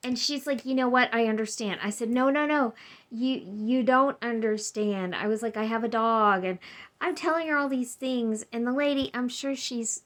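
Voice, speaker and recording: A woman's voice: on the high side, fairly quick, a bit bright. A woman vlogger casually telling a personal story to her camera at home, rambling and acting out what other people said. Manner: chatty, rambling, acts out quoted people.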